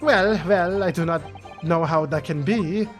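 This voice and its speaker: A woman's voice: on the low side, unhurried, lightly acted. A woman voicing a boastful Italian male balloonist, sly and wheedling, sprinkling in Italian words, with game music behind. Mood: smug. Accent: put-on Italian.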